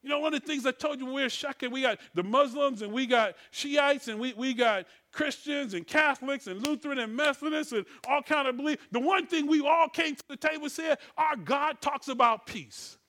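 A middle-aged man, preaching a sermon in call-and-response style, swinging between loud declarations and soft, murmured passages. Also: very high-pitched, fairly quick, hardly any pauses. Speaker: pastor.

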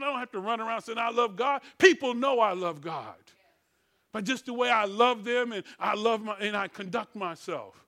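High-voiced preacher calling "what?" to the flock. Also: male voice, lively intonation, moderate pace. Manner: call-and-response preaching, asking "what?" and swinging from shouts to soft murmurs. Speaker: pastor. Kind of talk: sermon.

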